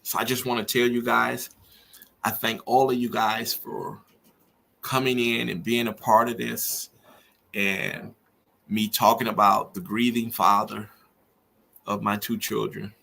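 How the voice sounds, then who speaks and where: Gravelly and lowish, bright and forceful, the voice barely moves in pitch and comes at a measured pace with long pauses. A middle-aged man hosting a podcast gives an emotional, preacher-style reflection on grief and faith that rises as he's moved.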